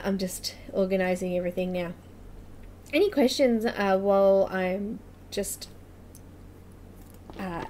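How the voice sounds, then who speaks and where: A woman's voice: medium pitch, darkish tone, slight background noise. A woman hosting a live coloring tutorial stream, chatting casually, laughing often and greeting viewers by name. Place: home room with air conditioner running.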